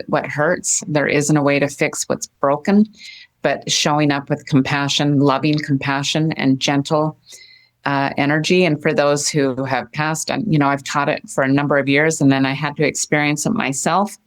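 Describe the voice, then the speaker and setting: Very low-voiced earnest woman. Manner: earnest, gentle, repeats phrases. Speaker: guest. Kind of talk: heartfelt interview talk.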